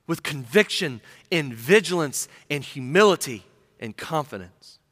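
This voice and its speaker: A male pastor preaching a sermon, telling a story earnestly and falling to a hush for emphasis. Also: mid-range voice. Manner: storytelling, earnest, dropping to a hush on key lines. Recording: reverberant hall.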